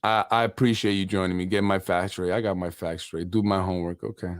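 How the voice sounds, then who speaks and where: A man's voice: deep voice, steady tone, quick pace, no room sound, studio quality. Taunting New man hosting politics. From Yonkers, New York. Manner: taunting, sing-song mocking. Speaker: host of a local politics show. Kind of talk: casual political livestream commentary. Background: hip hop music.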